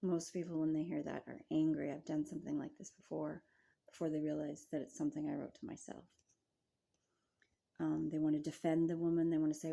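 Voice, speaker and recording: A middle-aged woman, a wellness coach, talking reflectively to camera in a gentle, measured way with frequent rhetorical questions. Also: deep voice, little pitch movement, vocal fry, breathy edge.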